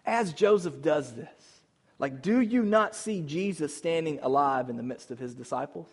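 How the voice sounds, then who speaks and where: A man preaching a sermon to his church, moving between loud emphatic calls and hushed, tender passages. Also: fairly high pitch, normal speed, husky. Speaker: pastor. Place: church sanctuary.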